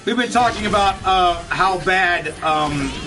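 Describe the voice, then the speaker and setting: A man's voice: high-pitched, unhurried. A man hosting a let's play, chatting casually with viewers in a profane, ranting way and laughing often. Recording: distant mic with game music behind.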